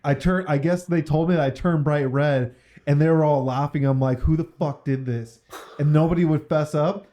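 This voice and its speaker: Young man, mellow dark tone, animated storytelling, swears a lot. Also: a little high, fairly quick. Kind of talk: casual podcast chat.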